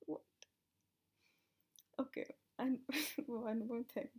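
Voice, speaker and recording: A woman's voice: a little high, unhurried, darkish tone. A young woman rambling to her viewers, out of breath, giggling, swearing freely and sometimes dropping into a whisper. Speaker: vlogger. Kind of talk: rambling casual monologue.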